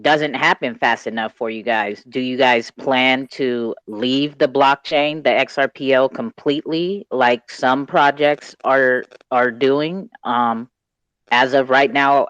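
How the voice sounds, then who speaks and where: Guy hosting a crypto call, smooth clear voice, asks pointed questions, kinda dull call audio. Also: medium pitch, a bit bright, no room sound. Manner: probing, direct, frequent "right?" tags. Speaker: host of a crypto community call. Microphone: online voice call.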